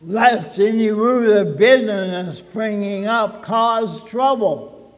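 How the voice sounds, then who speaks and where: A man preaching a sermon as pastor in a church sanctuary, slow and deliberate, with dramatic pauses between phrases. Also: high voice, long reverb tail.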